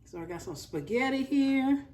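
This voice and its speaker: A woman's voice: high-pitched, lively intonation, moderate pace, a little mellow, distant mic, slight background noise. A woman, chatting casually to her viewers as she cooks and tastes food in her home kitchen. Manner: chatty, talks straight to viewers as y'all. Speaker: cooking vlogger. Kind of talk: casual chat while cooking and tasting.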